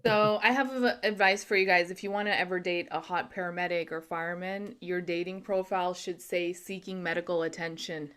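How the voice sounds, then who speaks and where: A young woman performing a stand-up set over a video call, delivering punchlines deadpan and laughing at her own jokes. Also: lowish voice, a little fast, few pauses, clean tone. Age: young adult. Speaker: stand-up comedian. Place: home.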